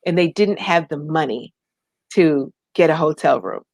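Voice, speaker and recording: A woman with a somewhat low voice tells her story in an interview. She is animated and acts out the voices she quotes. The sound is dry and close. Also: a little slow, creaky, no echo. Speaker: guest, nonprofit founder.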